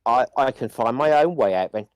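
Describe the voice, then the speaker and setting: A man's voice: medium pitch, lively intonation, a little fast, a little mellow, clean tone, no room sound. Man playing his character with indignant bluster. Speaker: player. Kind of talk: in-character tabletop play.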